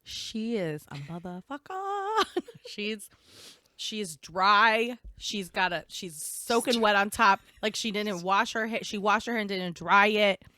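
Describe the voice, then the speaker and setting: A woman co-hosting a casual podcast, playful and jokey, quick to laugh. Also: mid-range voice, steady tone, bright, forceful tone, smooth, no room sound, clean studio sound. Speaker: podcast co-host. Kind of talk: casual chat.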